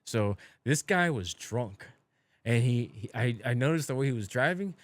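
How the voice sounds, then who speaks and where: A man's voice: mid-range voice, moderate pace, no echo. Brazilian guy swearing a lot telling a wild story, dry close sound, mid voice. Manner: profane, animated, acts out quoted voices. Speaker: podcast guest. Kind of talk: casual storytelling.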